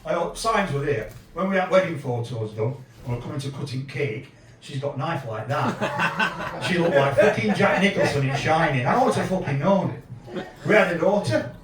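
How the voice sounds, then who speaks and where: A man in his fifties with a Yorkshire accent, doing a sweary, deadpan stand-up set in a small pub room. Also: fairly high pitch, moderate pace, reverberant, far from the mic, poor audio. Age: 50s. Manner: crude, swearing, deadpan storytelling. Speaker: stand-up comedian. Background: audience laughter.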